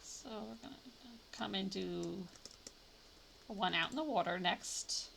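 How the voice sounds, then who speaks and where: A woman's voice: medium pitch, takes it slowly, gravelly, a bit bright, a little hiss or hum. A woman streaming a game live, chatting casually and thinking aloud with sudden playful exclamations. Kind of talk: casual live gameplay commentary.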